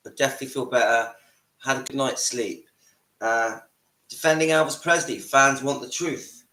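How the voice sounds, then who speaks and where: A man with a croaky voice from a cold, hosting a casual livestream from home and greeting viewers by name. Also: medium pitch, little pitch movement, moderate pace, pushed and bright. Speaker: livestream host. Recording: echoey room with faint ambience.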